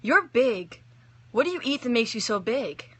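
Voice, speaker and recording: A young woman voicing a bold, chatty little girl in a high, squeaky, blurting voice. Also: sing-song, normal speed, pushed and bright, breathy edge, full character voice. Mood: curious.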